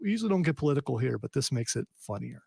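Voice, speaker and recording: A man's voice: medium pitch, big pitch swings, very fast, vocal fry, a little mellow, husky, dry recording. Dry-sounding male radio host. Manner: reads news quotes aloud with frequent fillers. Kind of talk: casual radio talk show. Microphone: radio studio microphone.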